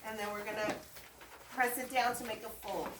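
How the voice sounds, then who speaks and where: A woman's voice: a little high, fairly even intonation, moderate pace. A woman teaching a primary school class, giving patient step-by-step directions and encouragement. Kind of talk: classroom instruction. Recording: echoey classroom, mic at a distance, noisy.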